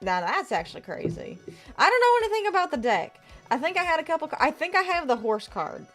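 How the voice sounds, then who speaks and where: Casting: twangy Southern gal greeting viewers, a woman doing the accent, bouncy animated delivery. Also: sits high, quick pace, faint music behind, pitched above the performer's own voice. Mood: playful. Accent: put-on American Southern. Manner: lively, drawling, greets viewers with howdy. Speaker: game streamer. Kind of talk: casual live-stream chat.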